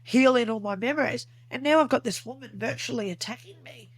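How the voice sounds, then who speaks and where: A woman's voice: fairly high pitch, brisk, no echo. A woman guest on an interview podcast, earnestly recounting a personal experience in vivid detail. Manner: earnest, vivid storytelling that acts out remembered dialogue.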